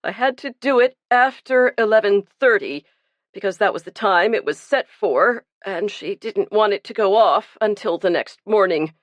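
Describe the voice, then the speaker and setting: A woman's voice: medium pitch, expressive, moderate pace, dry recording, lo-fi sound, natural voice. A woman reading the part of a guilt-ridden, burly male pastor who confesses earnestly and pleads for himself. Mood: pleading.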